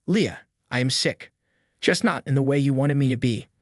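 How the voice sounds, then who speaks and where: A man's voice: mid-range voice, moderate pace, no echo, studio quality, natural voice. A man voicing a manipulative middle-aged mother who guilt-trips her grown daughter with pleading words. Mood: cold.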